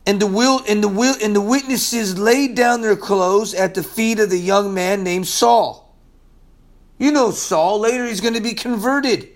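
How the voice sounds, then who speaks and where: High-voiced man preaching with swings. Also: unhurried. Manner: casual slangy preaching, swings from loud to hushed. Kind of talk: sermon.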